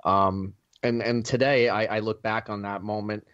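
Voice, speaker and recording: Guest, 30s man, New York accent, earnest and hesitant, slightly low voice. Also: fairly even intonation, moderate pace, fairly bright tone, clean tone, no room sound, dull audio. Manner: earnest, hesitant with many fillers. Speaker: guest accountant. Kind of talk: interview answers.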